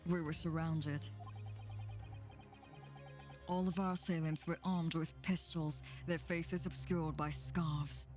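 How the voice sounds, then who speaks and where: A grave aristocratic prosecutor recounts his past, voiced by a woman in her own low tone. The delivery is measured and solemn, never rushed. Faint game music plays softly behind. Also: steady tone.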